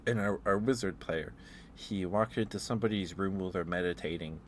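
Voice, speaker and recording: A man in a soft-spoken ASMR ramble, telling meandering stories with fillers and chuckles. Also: sits low, brisk, slight background noise. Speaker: ASMR streamer.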